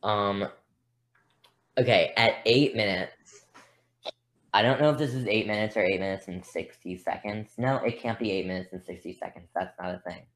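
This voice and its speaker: A woman's voice: extremely low pitch, normal speed. A woman co-hosting a podcast in casual chat, rambling and self-deprecating as she talks. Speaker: podcast co-host.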